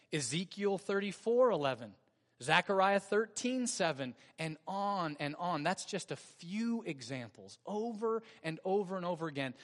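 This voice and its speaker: A male pastor delivering a sermon with a slightly high voice. He preaches earnestly and stresses his points, stretching key words slowly. A long reverb from the church hall trails after each phrase. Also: fairly bright tone. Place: church sanctuary.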